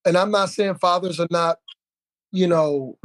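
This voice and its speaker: A man hosting a podcast, telling a story in a lively way, acting out quotes with plenty of fillers and restarts. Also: high-pitched, unhurried, dry recording. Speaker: podcast host. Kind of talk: casual podcast conversation.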